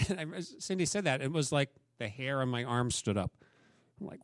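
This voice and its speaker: A male pastor preaching a sermon, telling a story in an animated way with asides and questions for the congregation. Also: fairly high pitch, moderate pace, no room sound, studio quality.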